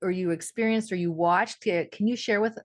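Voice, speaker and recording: A middle-aged woman hosting an interview, telling a story in a lively, animated way. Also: medium pitch, a little fast. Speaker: host.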